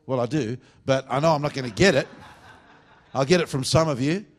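A male revival preacher delivering a sermon at a church meeting. He lurches from loud, fervent bursts down to low, confiding asides. His voice sits at an ordinary middle pitch. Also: fairly quick.

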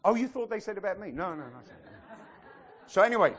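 A man's voice: high voice, brisk, long pauses, breathy edge, some chatter behind. A man preaching a sermon to a congregation, often checking in with them and joking as he goes. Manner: lively preacher, asks the congregation questions, jokes and laughs. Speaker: pastor.

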